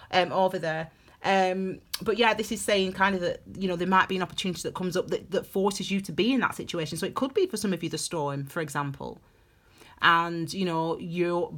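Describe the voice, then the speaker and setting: A woman's voice: on the low side, fairly bright tone. A woman giving a chatty, gushing tarot reading to her viewers, calling them her darlings. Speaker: tarot reader. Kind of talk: casual tarot reading to camera.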